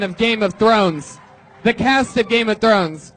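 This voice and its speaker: A man hosting a live comedy show, brash and crude, hyping the crowd with loud shouts. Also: high-pitched, takes it slowly, soft background music. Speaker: comedy podcast host. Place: comedy club stage.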